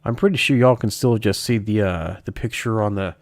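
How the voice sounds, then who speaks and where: On a live stream, a horror-story-reading streamer rambles casually, fixing his own words as he goes and frequently chuckling. He speaks a little fast in a fairly low voice, and the recording is dry.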